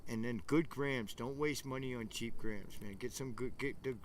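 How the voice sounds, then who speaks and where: Out by a campfire, a man runs a relaxed livestream, rambling with enthusiasm and chatting with viewers in the chat. His voice sits at a medium pitch and moves at a normal speed, with a little background noise.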